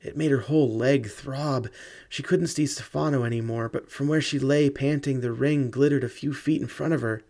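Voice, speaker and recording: A man giving measured, dramatic scripted narration of a ghost story audiobook. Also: mid-range voice, steady tone, darkish tone.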